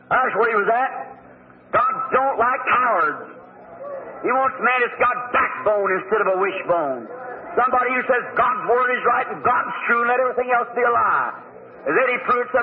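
Male preacher, very high-pitched, fervent and plain-spoken; tinny phone-like old recording. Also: lively intonation, moderate pace. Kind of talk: sermon.

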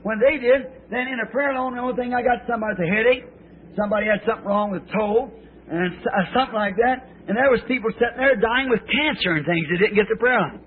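Middle-aged male preacher, high-pitched, rambling folksy storyteller, faint hiss. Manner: folksy, rambling, drawn-out phrasing. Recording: tinny, lo-fi old sermon tape.

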